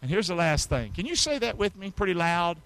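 A man preaching a sermon as pastor, calling the congregation to repeat after him and reading scripture aloud, moving between hushed, intimate lines and loud, rising passages. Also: high-pitched, sing-song, brisk, creaky, no room sound. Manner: call-and-response preaching, swings from hushed to loud.

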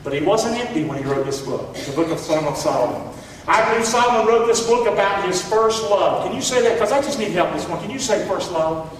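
A man's voice: high-pitched, a little fast, a little hiss or hum. A man pastor preaching a sermon, calling on the congregation to repeat words back. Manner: preaching with call-and-response to the congregation. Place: church hall. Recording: echoey hall from far off.

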